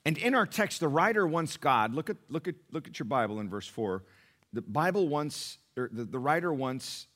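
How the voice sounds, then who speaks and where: A middle-aged man preaching a sermon to his church, emphatic and swinging from quiet to loud. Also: on the high side, very animated, normal speed. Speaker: pastor.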